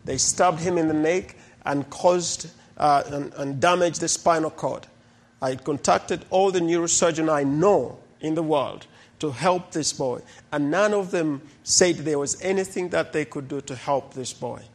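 A middle-aged pastor tells stories from the pulpit in a fairly high voice. He talks with a lot of life and slips into the voices of the people in his stories. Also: measured pace. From Uganda. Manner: animated storyteller who acts out the people in his stories. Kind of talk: sermon testimony storytelling.

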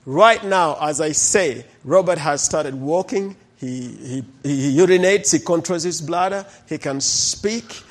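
A man's voice: a little high, measured pace, few pauses. A middle-aged man, a pastor telling stories in a sermon and acting out the people in them. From Uganda. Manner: animated storyteller who acts out the people in his stories. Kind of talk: sermon testimony storytelling.

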